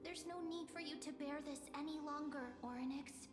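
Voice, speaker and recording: A woman voicing a sweet, cheerful young girl guide who speaks in a gentle, earnest way. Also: sits high, normal speed, natural voice. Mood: tender. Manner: gentle, earnest, softly encouraging. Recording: echoey game audio with loud music.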